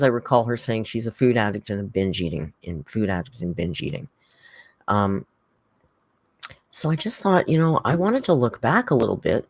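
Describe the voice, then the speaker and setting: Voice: mid-range voice, no room sound, studio quality. A livestream host in casual reaction chat, rambling and chatty, reading out viewer comments.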